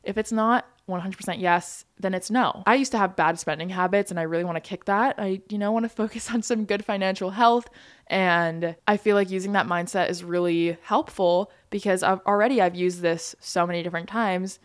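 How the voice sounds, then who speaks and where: A young woman in her early twenties talks through her podcast in a loose, casual way. She leans on "like" and "you know" as she goes. Her voice sits at an ordinary middle pitch for a woman. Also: fairly quick, clear, resonant tone. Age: young adult, 22. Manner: chatty, many fillers like "like" and "you know". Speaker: podcast host. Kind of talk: casual solo podcast chat.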